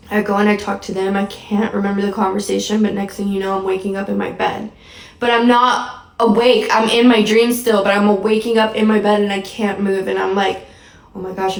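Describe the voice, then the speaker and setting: A woman with a mid-range voice and some vocal fry, shaken and fresh from crying, tells a rambling, casual account of a nightmare, peppered with "like." The mic sits at a distance in an echoey room.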